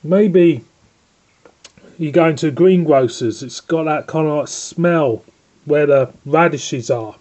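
A man with a Northern English accent rambles through a casual beer review at home. His voice sits a little high and mellow, and the recording is dull and lo-fi. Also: takes it slowly. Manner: chatty, rambling, scolds his dog between lines.

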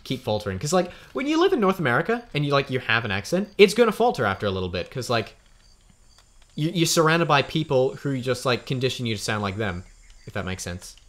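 A man's voice: mid-range voice, big pitch swings, fast, fairly bright tone. A young man with an Australian accent, rambling and swearing as he gives casual commentary while playing a video game. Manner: rambling, swears a lot, laughs at himself. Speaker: let's play host.

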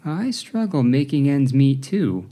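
A man voicing a polished woman in her late forties who collects donations, smooth and insinuating. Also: medium pitch, very animated, measured pace, warm tone.

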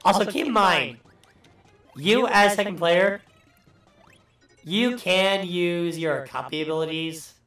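Casting: man, higher-pitched, loose and profane game commentator, recorded in an echoey room away from the mic. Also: slow pace, pauses often, a bit bright, recorded from a distance, faint music behind. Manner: profane, rambling, joking. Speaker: let's play host. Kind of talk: casual gameplay commentary.

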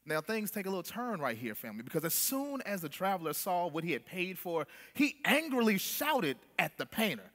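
A man's voice: high-pitched, sing-song, brisk, few pauses, pushed and bright. A man preaching a sermon in a church, calling the congregation family and baby, with call-and-response. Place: church sanctuary. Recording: long church hall reverb.

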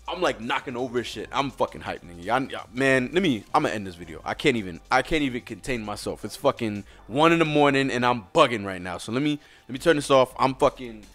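A young man excitedly reacting to gaming news in a profane, hyped rant from home at night. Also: mid-range voice, a little fast, soft background music. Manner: hyped, profane, shouting and laughing. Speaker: gaming vlogger.

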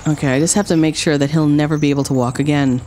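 A woman streamer commenting on her game and talking to her chat, sarcastic and playful, swinging from drowsy mumbling to excited shrieks. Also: deep voice, rapid-fire, slight background noise.

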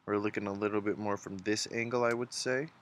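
A man's voice: on the low side, steady tone, fast, a bit bright, slight background noise. A man hosting a casual drawing tutorial, chatty and encouraging, thinking aloud as he sketches. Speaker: art tutorial host.

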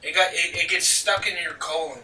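Fairly quick and sharp-toned, his fairly high voice carries casual commentary as he hosts a let's play, rambling, joking, and swearing plenty over the game. A roomy, distant mic catches him with game music playing underneath.

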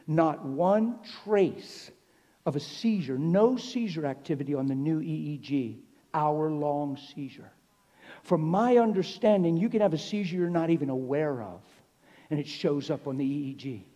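A man preaching a sermon in a church, telling a story with lively acted-out dialogue. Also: a little high. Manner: storytelling, animated, acts out dialogue. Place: church hall. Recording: long reverb in a church hall.

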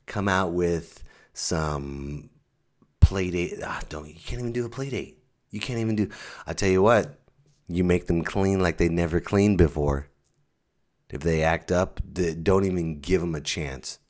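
A man hosting his own comedy podcast, ranting sarcastically, swinging from mutters to loud outbursts. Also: sits low. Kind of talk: stand-up style podcast rant.

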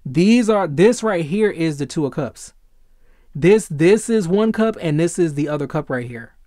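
Excitable man doing a tarot reading. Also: fairly high pitch, a little slow, no room sound, clean studio sound. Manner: excitable, swears freely, gropes for words. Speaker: tarot reader. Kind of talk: casual tarot reading to camera.

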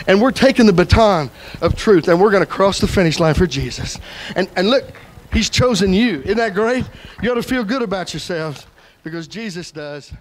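An older man preaching a sermon to his church. He swings from loud, impassioned preaching to soft, tender asides. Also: high-pitched, animated, normal speed, rough recording. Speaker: pastor. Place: church sanctuary.

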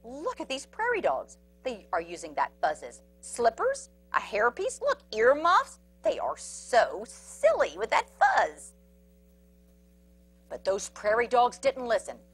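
A woman storyteller reading a picture book aloud to children, animated, with sound effects and asides about the pictures. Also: a little high, takes it slowly, breathy edge, faint music behind.

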